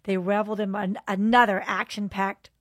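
Animated woman telling a faith story. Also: mid-range voice, normal speed, no room sound. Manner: softens into quiet, earnest prayer. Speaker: faith podcast host. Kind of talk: devotional storytelling and prayer.

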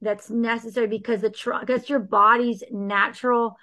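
Woman guest, a bit high-pitched, earnest and animated, for a faith talk. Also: moderate pace. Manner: earnest, animated, acts out quoted prayers. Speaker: guest speaker. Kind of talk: faith-based conversation on healing.

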